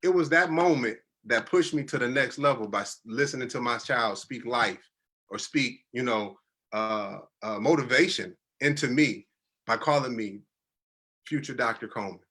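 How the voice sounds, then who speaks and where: Man, 30s, bright voice, earnest storyteller, teary-eyed, casual and heartfelt. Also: mid-range voice, normal speed, slightly rough. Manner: earnest, conversational, drops into quoted voices. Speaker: guest telling his life story. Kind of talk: emotional personal storytelling.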